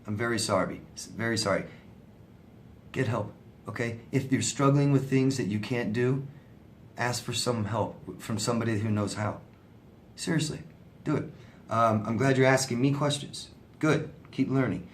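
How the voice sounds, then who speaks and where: A man's voice: medium pitch, moderate pace, long pauses, slight background noise. A man answering viewer questions as a relationship coach, in a conversational, sympathetic way, often asking "right?". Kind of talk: casual advice talk.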